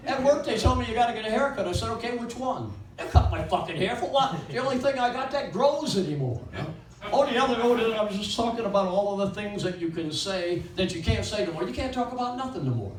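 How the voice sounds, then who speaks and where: An older man works a small, nearly empty bakery open mic, firing off crude one-liners and drifting from bit to bit. His voice sits a touch high and carries a roomy echo. It is picked up from a distant mic, with a faint hum of ambience behind him. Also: lively intonation, fast talker. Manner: rambling, crude, jumping between one-liners. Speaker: stand-up comedian. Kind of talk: stand-up comedy at an open mic. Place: small bakery venue with few people.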